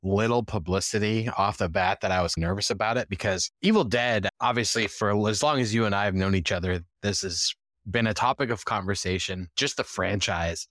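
A man's voice: lowish voice, brisk, a bit bright, no echo. A man co-hosting a horror movie podcast in casual chat, teasing and joking bluntly. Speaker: podcast co-host.

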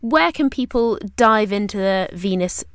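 A woman's voice: medium pitch, animated, measured pace, smooth, dry recording. A woman co-hosting a podcast, bubbly and enthusiastic in casual chat. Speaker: podcast co-host.

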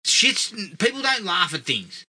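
A man's voice: high voice, big pitch swings, unhurried, sharp tone. A man co-hosting a casual film review podcast, swearing and laughing often.

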